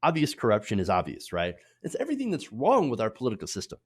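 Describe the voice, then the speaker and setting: A man delivering opinionated political commentary with a biting, sarcastic edge. He talks loosely, with fillers and restarts, and his pitch swings widely, jumping up high whenever he mocks someone. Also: wildly swooping pitch, fast talker, slightly rough. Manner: sarcastic, mocking put-on voices for quotes.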